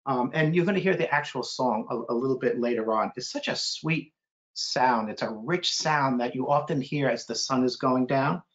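A man's voice: moderate pace, lo-fi sound. A middle-aged man reading a children's book aloud, breaking into playful bird call imitations. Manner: animated, mimics bird calls with sudden high hoots.

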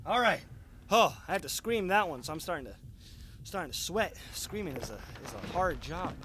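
A man doing excitable horror game commentary, loud and full of swearing. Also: on the high side, moderate pace, background noise. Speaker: gaming video creator.

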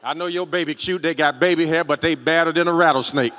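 A male pastor preaching a sermon in a large church, dramatic, sliding from low quiet talk up to shouting. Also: steady tone, fast, in a large hall, a little hiss or hum. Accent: Southern US.

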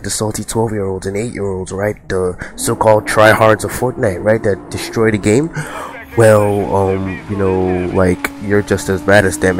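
A man's voice: low-pitched, noisy background. A man giving casual, profane, rambling commentary over his gameplay as a gaming YouTuber. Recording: game music playing underneath. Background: racing game music and car sounds.

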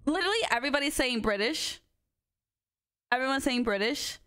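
A woman's voice: high-pitched, a little fast, over a noisy crowd. A woman streaming a horror game, chatting casually and arguing with exclamations and swearing. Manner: animated, exclamatory, argues and swears freely.

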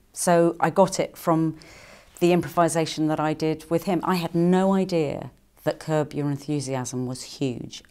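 Low-voiced, chatty middle-aged woman. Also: darkish tone, clean tone. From England. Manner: chatty and playful, with quick jumps into higher quoted voices. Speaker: actress and singer answering fan questions. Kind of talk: casual interview answers.

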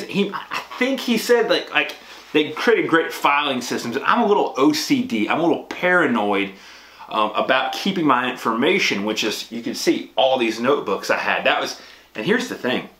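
A man's voice: mid-range voice, a bit bright. A man talking casually to camera in a chatty, rambling way, with many restarts and ums. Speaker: pastor and vlogger. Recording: echoey room with clear background noise.

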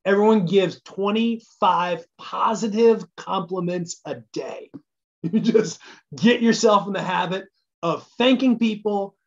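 A man's voice: high-pitched, measured pace. A man giving a casual midweek church talk as pastor, conversational and enthusiastic, thinking aloud as he goes. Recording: dull lo-fi recording.

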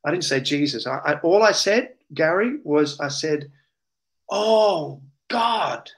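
A man's voice: fairly high pitch, moderate pace. An Australian man, an interview guest, earnestly and emotionally recounting a personal testimony. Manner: earnest, emotional, animated retelling.

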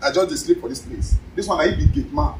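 A man's voice: on the high side, lively intonation, quick pace, roomy sound, distant mic, noisy background. Indignant nigerian pidgin man. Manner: indignant, boastful pidgin banter. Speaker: gateman claiming to be estate manager.

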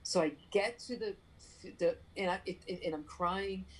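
A woman from New York with a Puerto Rican family, a playwright telling a story in an interview, animated and full of fillers and restarts. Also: lowish voice, normal speed, slightly rough, rough recording. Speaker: playwright guest.

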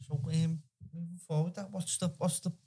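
A man, hosting a podcast and asking quick, chatty questions. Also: a little high, flat delivery, vocal fry, warm tone, slightly rough. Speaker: podcast host. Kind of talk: casual interview.

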